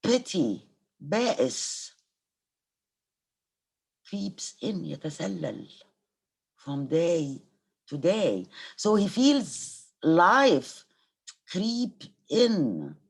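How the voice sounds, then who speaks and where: Slow, husky-voiced Egyptian woman lecturing. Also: fairly low pitch, a little mellow. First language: Arabic. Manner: reads verse aloud, then explains and glosses it in Arabic. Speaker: university literature lecturer. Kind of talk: recorded university lecture.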